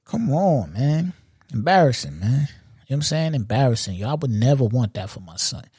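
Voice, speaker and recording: Mellow-voiced man hosting a podcast. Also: mid-range voice, lively intonation, fast, breathy edge, no room sound, clean studio sound. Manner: loose, profane street slang, frequent "you know what I'm saying". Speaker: podcast host. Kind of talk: casual commentary.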